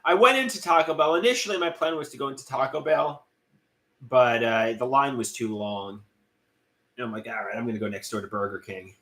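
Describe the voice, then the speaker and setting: A man hosts a casual livestream, rambling chattily as he reads viewer comments aloud and greets people by name. His voice is medium-pitched, a bit bright, and brisk.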